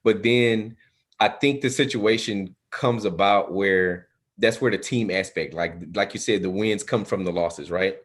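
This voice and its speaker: A deep-voiced man hosts a relaxed interview. He speaks low and easygoing, stumbling through restarts and tagging his points with "right?". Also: unhurried. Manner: laid-back, hesitant restarts, asks with "right?". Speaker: podcast host. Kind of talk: casual interview.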